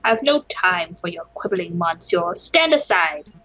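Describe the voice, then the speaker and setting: A woman's voice: on the low side, expressive, unhurried, sharp tone, pitched below the performer's own voice, full character voice, low-quality recording. A woman voicing a confident male bird defense attorney in a game, talking in formal legal bluster. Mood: commanding. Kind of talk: voicing a visual novel let's play.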